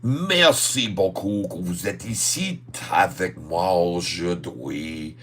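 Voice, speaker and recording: A man putting on a halting French speaker, slow and searching for his words. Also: sits low, steady tone, a bit bright. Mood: playful.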